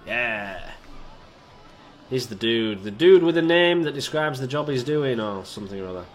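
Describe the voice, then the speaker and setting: Animated man narrating his gameplay. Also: mid-range voice, moderate pace. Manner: rambling, self-mocking, talks to game characters. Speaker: video game let's-player. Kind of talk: casual gameplay commentary.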